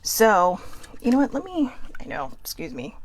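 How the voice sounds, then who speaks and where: Reading oracle cards aloud on her own, a Californian-accented host chats fast and often cuts herself off, confessing to nerves. Her voice sits fairly high and swings widely in pitch.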